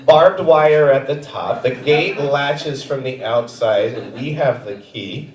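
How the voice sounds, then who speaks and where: A man's voice: medium pitch, slow pace, a crowd in the background. A young man doing stand-up comedy, telling stories animatedly and jumping into voices. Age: young adult. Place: comedy theater stage. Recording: roomy theater sound from a distant mic.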